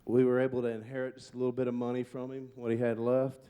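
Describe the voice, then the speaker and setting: A man's voice: medium pitch, completely flat delivery, fast talker, clean tone, lo-fi sound. A middle-aged man, a monster truck driver, telling candid, heartfelt stories in an award acceptance speech.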